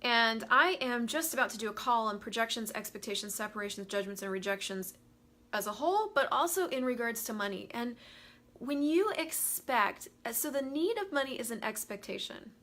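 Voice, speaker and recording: On a live money talk stream, a woman chats casually and animatedly, quick to greet viewers by name. Her slightly high voice rings very bright and forward.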